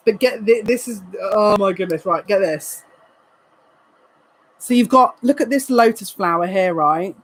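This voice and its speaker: A woman, a psychic reader, giving a live card reading to viewers in an excitable, emotional way, full of quick asides. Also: mid-range voice, low-quality recording.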